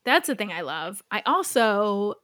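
A young adult woman co-hosting a podcast in casual chat, warm and giggly. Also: mid-range voice, very animated, measured pace. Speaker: podcast co-host.

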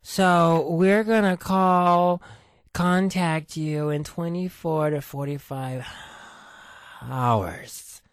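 A woman voicing a sluggish, heavy-breathing female customer service agent who talks in a slow, flat, deadpan way. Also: lowish voice, smooth, dry recording, studio quality, voice pushed down.

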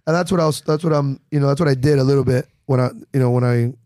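A man's voice: medium pitch, quick pace, dry recording, studio quality. A man, a comedian, chatting casually on a podcast and acting out other people's voices as he tells stories. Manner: animated storytelling, acts out other people's voices. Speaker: comedian guest.

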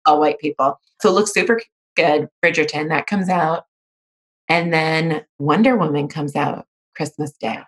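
A woman with a slightly low-pitched voice talks through a casual podcast chat. She tells stories in an animated, breezy way, tossing in playful asides. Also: unhurried, slightly rough. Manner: chatty, animated storyteller.

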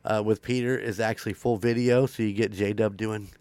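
A man's voice: on the low side, steady tone, moderate pace, a little mellow, dry recording. A man hosting a paranormal podcast, wrapping up in a rambling, upbeat way with frequent laughs. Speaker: podcast host. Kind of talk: casual podcast outro chat.

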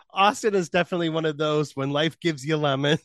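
A male podcast co-host with a fairly high, fairly bright voice chats casually at a moderate pace, tossing in wry, joking asides. The studio-quality recording has no echo.

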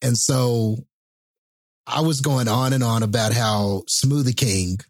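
A man's voice: mid-range voice, takes it slowly, no echo. A laid-back man telling a funny story in a casual podcast chat, hesitant and laughing as he goes. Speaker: podcast co-host.

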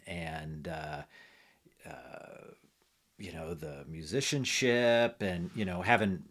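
A man's voice: low-pitched, slow pace, fairly bright tone. A middle-aged man chatting casually as a podcast guest, rambling with many fillers and restarts. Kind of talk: casual conversation about music.

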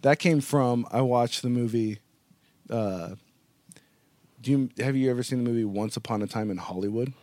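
A man co-hosting a casual podcast chat, animated, acting out his inner voice with sudden jumps in pitch. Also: normal speed, dry recording. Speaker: podcast co-host.

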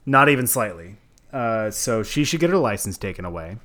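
A man's voice: on the low side, moderate pace. A man co-hosting a podcast, talking casually about a film, swearing freely and laughing often. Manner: animated, profane, laughs often. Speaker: podcast co-host. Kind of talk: casual movie discussion.

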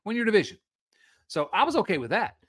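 A man's voice: high-pitched, fast talker. A man co-hosting a podcast, ranting in casual sports chat, stopping and restarting his sentences. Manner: animated, ranting, with frequent restarts. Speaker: podcast co-host.

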